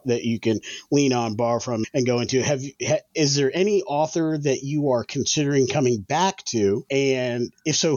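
A man's voice: medium pitch, darkish tone, no echo. A man hosting a podcast who asks long, rambling questions in a casual chat. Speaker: podcast host. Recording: slightly dull dry sound.

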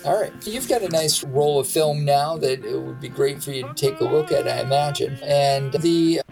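A man's voice: on the high side, normal speed, vocal fry, poor audio. A man narrating and running a tabletop role-playing game as game master. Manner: plays several characters with voices. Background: music.

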